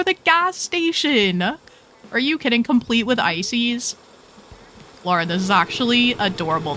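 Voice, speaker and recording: A woman's voice: a little high, lively intonation, measured pace, a bit bright. A young woman hosting a casual video game tour, gushing and playful with lots of slang. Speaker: host touring game islands. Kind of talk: casual gameplay commentary.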